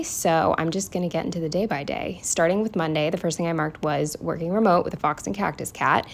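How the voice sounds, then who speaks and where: A woman in her twenties chatting casually through her planner week, swearing freely and filling pauses with "um" and "like". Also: fairly low pitch. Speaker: planner vlogger. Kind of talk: casual chat.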